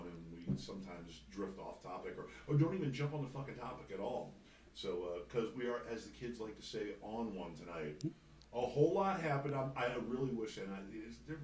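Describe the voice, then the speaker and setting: A man's voice: low voice, a little mellow, reverberant, far from the mic, slight background noise, rough recording. A man hosting a casual sports talk radio show, rambling and joking, swearing freely. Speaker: host. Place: radio studio.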